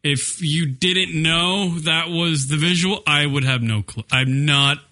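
A man's voice: a little high, slow, pushed and bright. A man co-hosting an internet radio show in casual banter, swearing freely and asking incredulous questions. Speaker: co-host.

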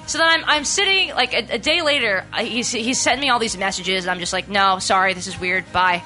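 A young woman co-hosting a casual radio show, telling a story in an animated way, swearing freely and acting out what people said. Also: mid-range voice, a little fast, faint music behind.

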